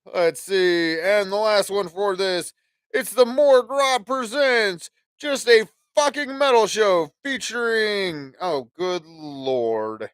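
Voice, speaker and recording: A man's voice: high-pitched, takes it slowly, fairly bright tone, smooth, dry recording. A man hosting a casual podcast livestream, rambling and swearing freely as he acts out conversations. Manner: profane, rambling, acts out dialogue. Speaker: podcast host.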